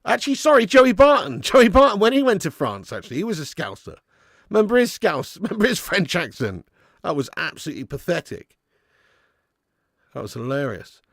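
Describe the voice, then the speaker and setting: A man's voice: high-pitched, sing-song, fairly quick, gravelly, a bit bright, no room sound, studio quality. A man hosting a live football watch-along, chatting casually, reading out viewer messages and laughing often. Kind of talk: casual live match commentary.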